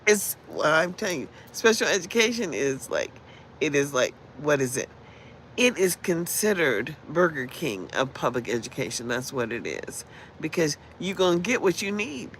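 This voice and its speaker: A woman's voice: low-pitched, fairly bright tone, slight background noise, rough recording. A woman in her sixties ranting bluntly and profanely on a casual livestream, rambling from point to point. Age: 60s. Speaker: livestream host. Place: in Las Vegas.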